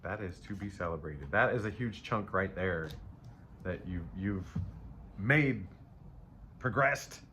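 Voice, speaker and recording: A man's voice: on the low side, bright, forceful tone. Laid-back man doing a rambling tarot reading. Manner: rambling, playful, upbeat, talks to viewers as baby. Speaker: tarot reader. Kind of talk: casual live tarot reading. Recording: faint ambient noise.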